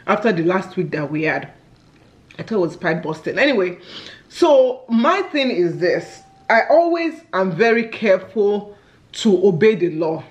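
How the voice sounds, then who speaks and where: A woman with a Nigerian English accent chats casually to her viewers as she eats on camera. She tells stories with plenty of exclamations at a middle pitch. The recording has a slightly dull, lo-fi sound. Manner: chatty storyteller with frequent exclamations. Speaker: family vlogger. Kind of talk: casual chat while eating on camera.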